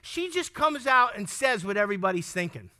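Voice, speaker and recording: A man's voice: high-pitched, very animated, a little fast, pushed and bright. A man preaching a sermon, speaking emphatically, firing questions at the congregation, repeating key lines and stumbling over words when worked up.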